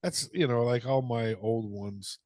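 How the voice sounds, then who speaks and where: A man's voice: mid-range voice, darkish tone, dry recording. A man co-hosting a podcast, telling a long dirty joke in a profane, rambling way. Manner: profane, drawn-out storyteller. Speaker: podcast co-host. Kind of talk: casual chat, telling a joke.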